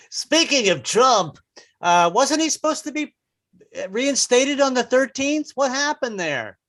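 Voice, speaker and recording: A man's voice: very high-pitched, big pitch swings, takes it slowly, long pauses, a bit bright. A middle-aged man doing a stand-up set over a video call, joking and rambling with stammered restarts. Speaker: stand-up comedian.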